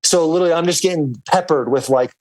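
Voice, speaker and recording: A man's voice: fairly high pitch, fast, darkish tone. A man co-hosting a podcast over a video call, talking loosely with lots of "like" and "dude". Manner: loose and rambling, full of "like" and "dude". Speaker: podcast co-host calling in from abroad. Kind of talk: casual chat.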